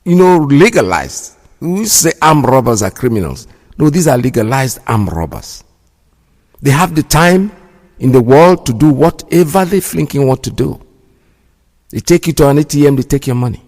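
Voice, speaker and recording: A man's voice: medium pitch, very animated, moderate pace, darkish tone. A man hosting a radio show, giving indignant, preachy commentary and repeating himself for emphasis. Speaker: radio host. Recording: long hall reverb.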